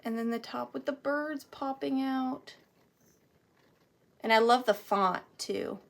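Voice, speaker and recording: A woman's voice: on the high side, slow, creaky. A woman running a live vintage auction, chatting playfully and counting down bids. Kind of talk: casual live sale chat.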